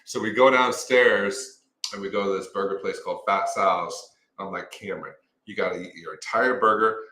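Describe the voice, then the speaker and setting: A man in his thirties, a co-host of a casual chat show, telling stories in a lively way. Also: on the low side. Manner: lively storyteller, speeds up and slows down. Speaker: podcast co-host. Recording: roomy echo.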